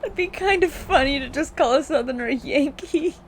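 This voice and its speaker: A woman's voice: sits high, moderate pace, slight background noise. Giggly young woman chatting on a game stream. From United States. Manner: giggly, rambling, breaks into frequent laughter. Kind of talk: casual chat while streaming a game.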